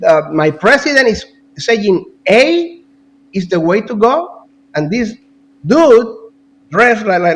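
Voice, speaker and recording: A man talking as a guest analyst in casual political commentary, animated, repeating words and now and then coughing. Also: sits high, slight background noise, poor audio.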